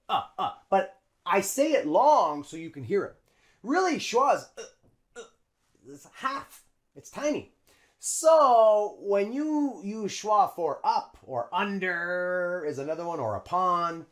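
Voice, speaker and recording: A man teaching English pronunciation in a video lesson, stretching out example words and chuckling between them. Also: high voice.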